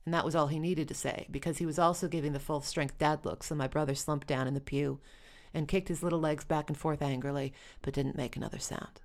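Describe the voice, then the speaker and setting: A woman telling a first-person story with wry, dry humor. Her voice sits low. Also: fairly even intonation, a little fast, a little mellow.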